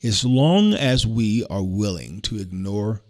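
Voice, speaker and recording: An older man from the hosts a podcast conversation. His voice sits low, and he talks in an earnest, preacherly way that drops into a hush when he recalls the past. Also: very animated, takes it slowly. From Alabama, USA. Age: 60s. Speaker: podcast host. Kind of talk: casual storytelling chat.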